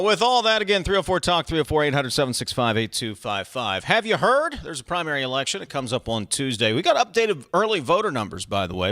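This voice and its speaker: A man's voice: mid-range voice, a bit bright, no room sound. A man hosting a talk radio show from a studio, with an upbeat, emphatic delivery into a close microphone.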